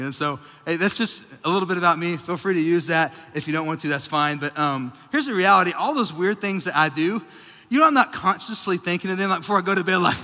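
A man's voice: high-pitched, a little fast, sharp tone. A man in his thirties, a pastor giving a casual, joking, self-deprecating sermon in a church auditorium. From Texas. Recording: long reverb of a large hall.

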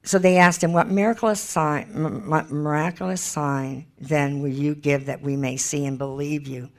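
A woman's voice: low voice, fairly even intonation, moderate pace. A woman giving an informal Bible teaching, chatty and emphatic, thinking aloud as she looks up verses.

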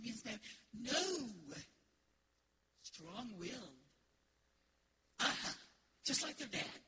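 A middle-aged woman from the United States, preaching an emphatic, animated sermon as pastor in a church. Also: on the high side, noisy background. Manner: emphatic, animated preaching with laughter and call-outs. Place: church sanctuary.

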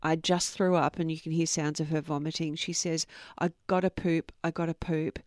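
A woman's voice: deep voice, flat delivery, a little fast, darkish tone, dry recording, studio quality. A middle-aged woman hosting a true crime podcast, reading out quotes earnestly and adding personal asides. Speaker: podcast host.

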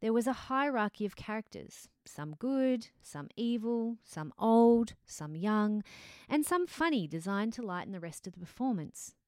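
A woman, a drama teacher answering interview questions in a measured, explanatory way. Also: on the high side, animated, darkish tone, clear, resonant tone, no echo, studio quality. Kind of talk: scripted-sounding interview answers.

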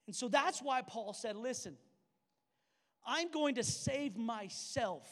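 A young adult man preaching a sermon as a pastor, casual and storytelling, acting out conversations with his friend. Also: very high voice. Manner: conversational, storytelling preacher who acts out dialogue. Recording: long hall reverb.

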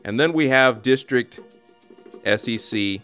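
A man hosting a comedic podcast, talking in an animated, jokey way. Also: medium pitch, measured pace, soft background music. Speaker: host.

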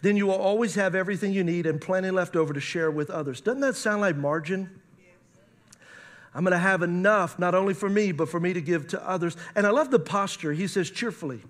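High-voiced man preaching a sermon. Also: brisk. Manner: preaching with emphatic rises, reads scripture aloud. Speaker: pastor.

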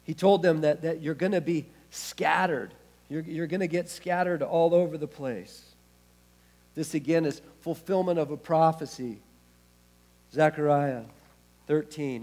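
A man preaching a sermon as pastor, expressive, with wide swings in loudness and casual, laughing asides. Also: on the high side, moderate pace.

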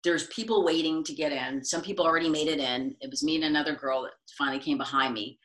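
A middle-aged woman from the United States, chatting as an interview guest and telling stories, acting out quotes in lively voices. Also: low voice, fast. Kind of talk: casual interview storytelling.

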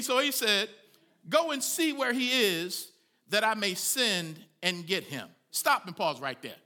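A man preaching a sermon as a pastor, reading scripture and breaking into folksy asides, rising to dramatic shouts. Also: extremely high pitch.

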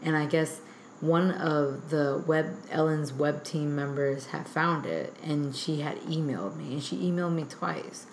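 A young woman guest telling a story in a rambling, animated way, full of filler words. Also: deep voice, unhurried, a little hiss or hum. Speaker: guest artist. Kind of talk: animated storytelling in casual chat. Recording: echoey room.

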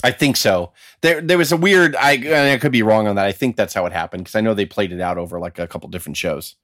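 A man's voice: on the low side, quick pace, dry recording, studio quality. A man co-hosting a casual podcast chat, telling stories animatedly and acting out quotes. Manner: animated storytelling, acts out quotes, laughs often. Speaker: podcast co-host.

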